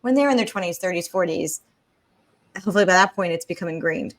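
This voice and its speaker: A woman's voice: on the low side, animated, fast. A woman hosting a podcast interview, talking in a chatty, enthusiastic way. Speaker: podcast host. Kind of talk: conversational interview.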